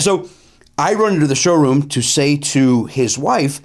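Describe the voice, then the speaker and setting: A comedian host telling a casual anecdote with animated delivery, repeating phrases and dropping in lots of "uh" fillers. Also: male voice, fairly high pitch, measured pace.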